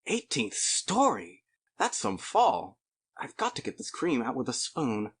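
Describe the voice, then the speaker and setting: A man voicing a chatty, excitable young wife in an audiobook, quick to react and exclaim. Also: mid-range voice, husky, voice pushed up, full character voice. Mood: startled. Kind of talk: audiobook character voice.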